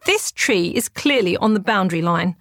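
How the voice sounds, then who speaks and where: A woman's voice: medium pitch, animated, moderate pace, a bit bright, no room sound, studio quality. A woman voicing an eager, confident young girl training as a spy, exclaiming and arguing her case. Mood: argumentative.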